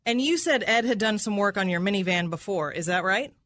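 A woman's voice: medium pitch, expressive, fairly quick, fairly bright tone, no room sound, clean studio sound. A woman prosecutor cross-examining a witness in an aggressive, accusatory manner, repeating his answers back and ending with "right?".

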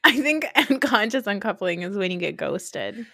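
A woman's voice: medium pitch, sing-song, moderate pace, creaky, sharp tone, no room sound, clean studio sound. A woman in her forties co-hosting a podcast, chatting casually and laughing a lot with a cackling laugh. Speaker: podcast co-host. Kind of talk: casual chat recapping a reality show.

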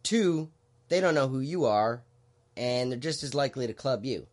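A man hosting a podcast, explaining things in a relaxed, halting way with lots of fillers. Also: medium pitch. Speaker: podcast host. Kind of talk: casual podcast chat.

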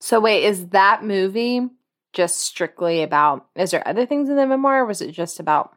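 Woman, animated intonation, casual co-host, chimes in with questions and jokes. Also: medium pitch. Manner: reacting with questions and quick asides. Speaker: podcast co-host. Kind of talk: casual chat.

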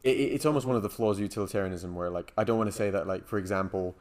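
A man co-hosts a casual discussion, reasoning out loud through moral questions. His voice sits fairly low, and he pads his points with fillers and qualifiers as he works them out. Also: rapid-fire. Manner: thoughtful, hedging, frequent "like" and "um". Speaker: podcast co-host.

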